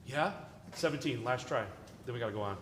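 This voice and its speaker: Brisk and fairly bright, with a medium pitch, the conductor jokes and encourages his orchestra as he coaches them in rehearsal. They're in a large concert hall with long, echoey reverb, and the recording has a little hiss or hum.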